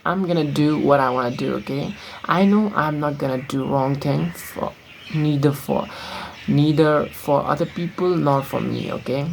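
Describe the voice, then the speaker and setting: A man's voice: fairly high pitch, moderate pace, creaky, a little hiss or hum, low-quality recording. A young man from Nepal speaking English with an American-influenced accent learned from films, chatting casually in a rambling, blunt vlog full of fillers. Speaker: vlogger. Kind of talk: casual talking-to-camera vlog.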